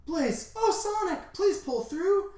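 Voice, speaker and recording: A young female cat heroine cries out in a high, shrill voice, as a woman reading a fan story puts her on. She pleads with swooping pitch. Echo from the room hangs around her. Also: very animated, unhurried, far from the mic, full character voice. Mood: frantic. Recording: roomy echo.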